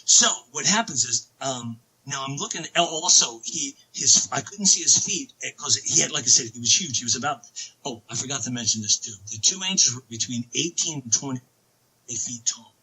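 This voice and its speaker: A man telling a long story as a podcast guest, excitable and rambling, with many restarts. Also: medium pitch, fairly quick, slightly rough, low-quality recording. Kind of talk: casual storytelling.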